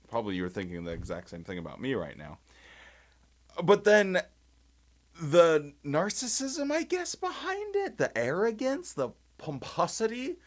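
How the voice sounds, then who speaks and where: A young man giving casual commentary, sarcastic and mocking, often laughing and breaking off mid-thought. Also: mid-range voice. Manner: sarcastic, animated, laughing mockery. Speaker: video commentator.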